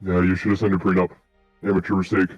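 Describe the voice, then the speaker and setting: Fast-talking deadpan young man, lo-fi mic. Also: low-pitched, dry recording, faint music behind. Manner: deadpan, insistent, comic demands. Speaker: player. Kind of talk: casual tabletop play.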